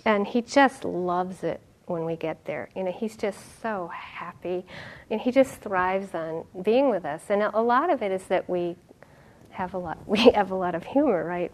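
A middle-aged woman meditation teacher giving a dharma talk, telling stories in an animated way and laughing often. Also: medium pitch. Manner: animated storytelling, laughing often, acting out quotes.

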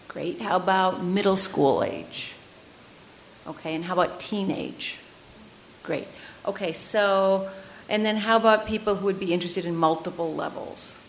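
A woman leading a mindfulness workshop, polling the audience with quick, upbeat questions and then reading a picture book aloud. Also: medium pitch, a little hiss or hum, rough recording. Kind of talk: workshop teaching and story reading. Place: meditation center workshop room.

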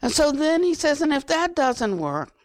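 An older woman giving an unhurried Buddhist dharma talk, repeating phrases for emphasis and trailing to a near whisper at phrase ends. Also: sits high, sing-song. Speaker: Buddhist teacher.

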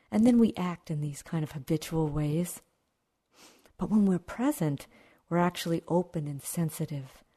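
A woman meditation teacher giving a dharma talk in a calm, reflective manner, with asides to the audience. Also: deep voice. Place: meditation retreat hall.

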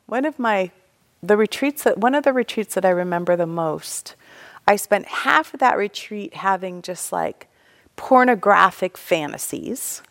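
A woman's voice: lowish voice, vocal fry. A young woman teaching meditation in a casual, candid dharma talk, laughing often and acting out thoughts.

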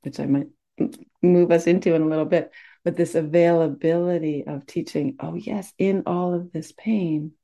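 A woman meditation teacher giving a dharma talk in a gentle, reflective way, teary as she speaks. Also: on the low side, fairly even intonation, moderate pace, dull audio.

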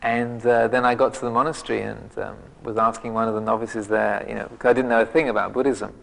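A man's voice: lowish voice, little pitch movement, fast, gravelly, fairly bright tone, big-room sound, low-quality recording. A man, a monk teacher, giving a dharma talk with many restarts and fillers and a self-mocking humor. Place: monastery meditation hall.

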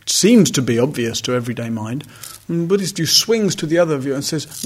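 A man's voice: on the high side, lively intonation, a little fast, few pauses, husky. A man giving a reflective, conversational dharma talk as a meditation teacher, with wry asides. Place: retreat center hall.

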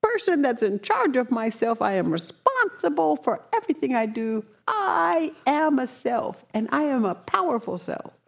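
A woman's voice: fairly high pitch, sing-song, a little slow, hardly any pauses, husky, heavily acted. Woman putting on a cocky boastful man. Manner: loud, cocky, mocking. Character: boastful arrogant man mocking the Buddha.

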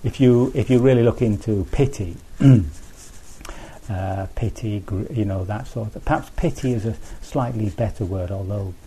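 Low mellow guy giving a buddhist talk, chatty, restarts a lot, bit of hiss behind. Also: unhurried, husky. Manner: conversational, thinks aloud with restarts and asides. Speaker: Buddhist teacher. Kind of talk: dharma talk.

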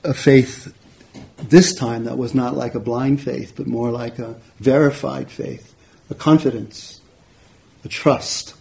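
A man, a meditation teacher, telling a story in a relaxed, conversational dharma talk. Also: medium pitch, slow, vocal fry. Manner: relaxed, conversational, frequent "you know". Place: retreat center hall.

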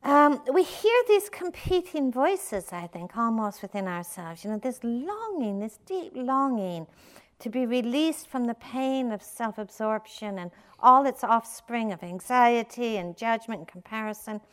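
Older woman meditation teacher, chatty dharma talk, light humor, slightly high pitch. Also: animated, a little slow. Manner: conversational, many fillers, playful with laughs.

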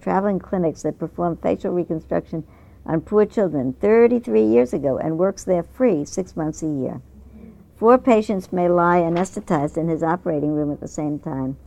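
A woman giving a dharma talk as a meditation teacher, speaking in a conversational, unhurried way while reading a news article aloud. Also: lowish voice, vocal fry, dark tone. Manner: conversational and unhurried, with small restarts.

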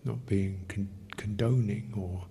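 A man teaching meditation in a question-and-answer session, speaking gently in short, halting phrases with soft laughs. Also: on the low side, steady tone, vocal fry, slight background noise. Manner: gentle, unhurried, often laughs softly. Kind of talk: dharma Q&A teaching.

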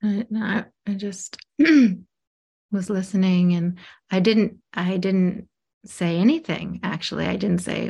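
Slow, soft-spoken woman with a gravelly, husky voice. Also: medium pitch, steady tone. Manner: halting, soft-spoken, often drops to a whisper. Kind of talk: reflective storytelling.

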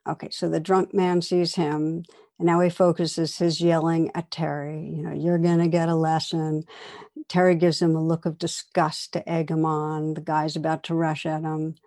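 Low, mellow woman giving a gentle talk. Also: level tone, moderate pace. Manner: gentle storytelling, reflective. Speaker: meditation teacher. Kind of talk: dharma talk. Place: meditation hall.

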